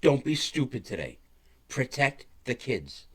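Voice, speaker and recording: A man runs through the weather forecast in a blunt, emphatic way. He repeats his warnings and swears freely. His pitch sits in the middle. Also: sing-song, unhurried. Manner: blunt, profane, emphatic and repetitive. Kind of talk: casual weather forecast talk.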